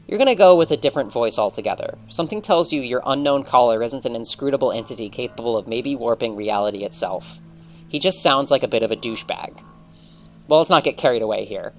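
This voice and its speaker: A man reading a visual novel aloud, narrating in the second person with wry, expressive delivery. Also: mid-range voice, quick pace, faint music behind. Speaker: let's read narrator.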